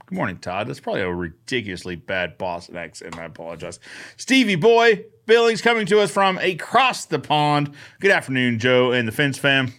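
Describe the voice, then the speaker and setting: A man's voice: fairly high pitch, a bit bright. An upbeat man hosting a live Q&A show, chatting casually, greeting viewers by name and answering their questions. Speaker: host of a live fencing Q&A show. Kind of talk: casual live-stream chat.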